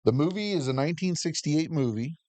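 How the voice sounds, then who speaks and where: A man's voice: a little high, animated, a little fast, a little mellow, no echo. A man co-hosting a podcast, chiming in with background facts and slangy, joking remarks. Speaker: podcast co-host. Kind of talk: casual chat.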